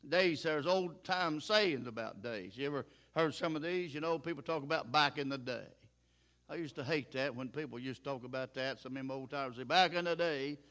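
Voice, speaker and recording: A man's voice: medium pitch, a little fast, a bit bright. An older man preaching a sermon in a folksy, plain-spoken way, chuckling now and then.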